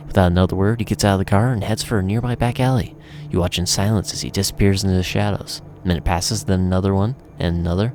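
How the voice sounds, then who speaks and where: A man reading a game's story text aloud in a relaxed way, adding casual asides. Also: deep voice, fast talker, a little hiss or hum. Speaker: gamer reading a visual novel aloud.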